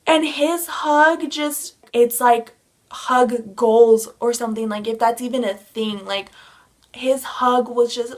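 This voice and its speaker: Young woman vlogger, excitable storyteller, a little high-pitched, casual chat. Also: takes it slowly. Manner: gushing, excitable fangirl storytelling.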